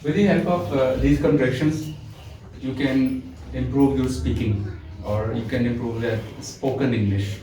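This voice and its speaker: A man's voice: mid-range voice, fairly even intonation, a little slow, dark tone, slight background noise. A male teacher giving a classroom lecture, acting out example tones of voice and quizzing his students. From Pakistan. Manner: demonstrative, acts out example tones, asks class questions. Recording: echoey classroom from far off.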